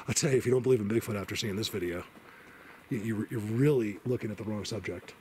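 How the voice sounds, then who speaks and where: A man filming a vlog in a forest, talking excitedly, stammering, and sometimes dropping to a whisper. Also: lowish voice, fast talker, a little hiss or hum. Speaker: Bigfoot hunter vlogger. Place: forest outdoors.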